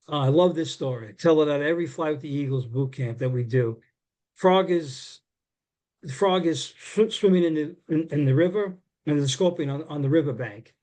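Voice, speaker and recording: A man's voice: a little high, mellow. A man giving a business coaching presentation to shop owners, earnest and repeating his words for emphasis.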